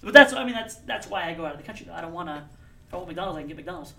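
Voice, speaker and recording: Fast-talking man in a roomy space. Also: on the high side, gravelly, a little hiss or hum. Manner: fast, animated storytelling with acted-out quotes. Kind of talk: casual chat. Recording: roomy, distant mic with faint ambience.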